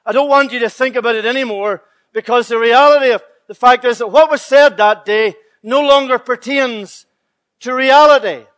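A man's voice: very high-pitched, moderate pace, fairly bright tone. A male preacher voicing God as a hypothetical figure who speaks in a matter-of-fact, confiding way within a sermon. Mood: dismissive. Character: God, male, revising scripture, dismissive.

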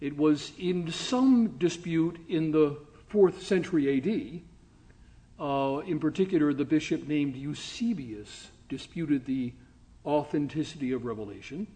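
Male guest lecturer, slightly high voice, casual and witty, full of "uh"s and asides. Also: a little slow, mellow. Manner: chatty, humorous, with fillers and asides. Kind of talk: church history lecture.

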